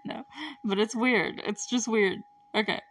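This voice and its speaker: A woman's voice: medium pitch, steady tone, unhurried, fairly bright tone, recorded from a distance. A young woman hosting a podcast, recapping a movie in a rambling, chatty way with frequent laughs and puzzled asides. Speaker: podcast host.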